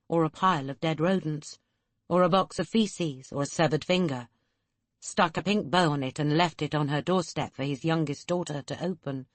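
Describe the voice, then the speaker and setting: A woman reads an audiobook with a low, grounded voice and a measured, steady storytelling pace. The recording is dry and close, with no room sound around her. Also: dry recording. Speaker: audiobook narrator. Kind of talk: audiobook narration.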